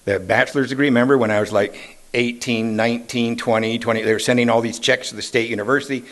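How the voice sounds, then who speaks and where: A man's voice: medium pitch, fairly even intonation, fast, fairly bright tone. A man in his sixties sharing his personal recovery story at a meeting, with self-deprecating humor and casual questions to the audience. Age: 60s. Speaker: AA meeting speaker. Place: meeting hall.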